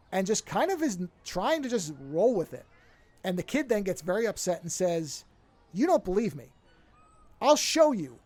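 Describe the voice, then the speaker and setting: A man with a high, darkish voice co-hosts a podcast. He casually retells a film plot, rambling and stopping to correct himself along the way.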